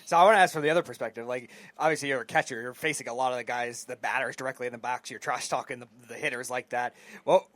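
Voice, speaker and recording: A man's voice: medium pitch, quick pace, a bit bright, no room sound. A man hosting an interview, asking a long, loosely worded question. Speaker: podcast host.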